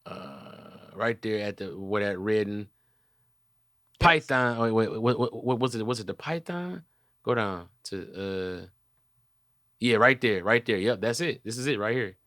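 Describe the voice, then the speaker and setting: A young man hosting a comedy podcast, telling animated stories and cussing freely in casual chat. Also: fairly low pitch, measured pace, dry recording, studio quality. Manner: animated storytelling, swears freely. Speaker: podcast host.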